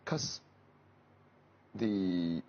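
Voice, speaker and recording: A middle-aged man with a Chinese accent, a stage actor chatting in an interview, animated and jumping up in pitch when he quotes people. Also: drawn-out words, highs cut off. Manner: animated, pitch jumps when quoting others. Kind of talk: casual interview chat.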